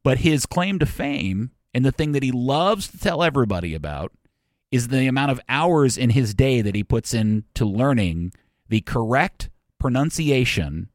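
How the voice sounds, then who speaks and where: A man's voice: mid-range voice, dry recording. A man co-hosting a sports talk show in casual banter. He tells stories with a joking, self-mocking edge. His voice sits close and dry on the mic. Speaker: sports radio co-host.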